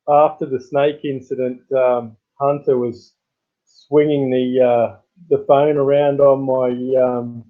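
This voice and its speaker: An Australian man hosting a casual live stream, rambling and greeting chat viewers in sudden high bursts. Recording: tinny phone-like sound.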